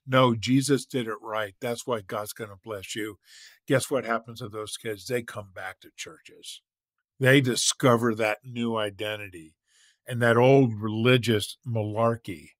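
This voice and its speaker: A man's voice: lowish voice, no echo. A man in his sixties, a guest author, talking about faith and fatherhood in an earnest, preaching way and telling stories with energy. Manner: animated storyteller, shouts and laughs in acted scenes. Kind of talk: storytelling conversation.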